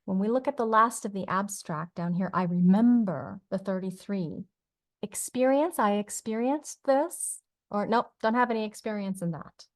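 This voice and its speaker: A woman teaching a class from slides, talking casually and acting out short quoted phrases in changing voices. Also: medium pitch. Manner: animated, acts out quoted phrases in varied voices. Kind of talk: lecture on a system with slides.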